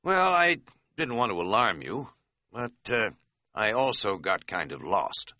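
A man's voice: fairly low pitch, big pitch swings, measured pace, bright, forceful tone, dry recording, clean studio sound, heavily acted. A man voicing a scatterbrained middle-aged hiking buddy who talks in a folksy, rambling, self-mocking way. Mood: rueful storytelling. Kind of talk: audiobook character voice.

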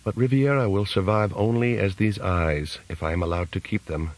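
A man voicing a calm AI boy. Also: on the low side, moderate pace, close to an everyday voice, rough recording. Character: calm all-knowing AI in a boy's form. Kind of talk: audiobook character reading.

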